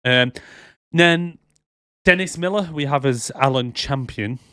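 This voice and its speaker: A man's voice: medium pitch, unhurried, bright, forceful tone, clean tone, no room sound, clean studio sound. A man co-hosting a movie podcast, chatting casually and rambling with lots of fillers. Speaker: podcast co-host. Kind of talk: casual chat.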